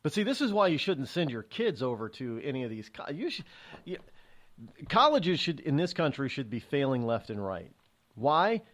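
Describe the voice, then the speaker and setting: A man's voice: medium pitch, normal speed. A middle-aged man hosting a talk show, delivering an opinionated, sarcastic monologue and acting out the voices of others. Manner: animated, sarcastic, acts out quoted voices. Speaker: radio talk show host.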